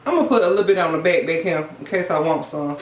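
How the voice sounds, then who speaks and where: A woman's voice: sits low, fast talker. Woman, eating vlogger, playful, sing-song, echoey room, faint noise behind. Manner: playful, sing-song, calls viewers honey. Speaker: mukbang vlogger. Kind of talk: casual eating vlog chat.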